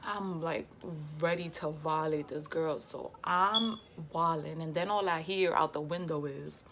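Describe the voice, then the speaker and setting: Low-voiced young woman, heated storytime. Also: unhurried, slight background noise. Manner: slangy, heated, lively retelling. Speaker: vlogger. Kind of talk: casual storytime.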